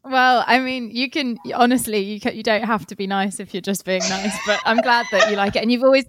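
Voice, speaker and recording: A woman's voice: on the high side, steady tone, fairly quick, fairly bright tone, a little hiss or hum. A woman hosting a podcast in a casual, chatty way, laughing often. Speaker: podcast host. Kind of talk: casual chat.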